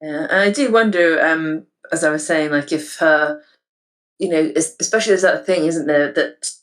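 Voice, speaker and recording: A woman's voice: low-pitched, normal speed. A woman co-hosting a casual podcast discussion, chatty and enthusiastic with frequent filler words. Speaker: podcast co-host.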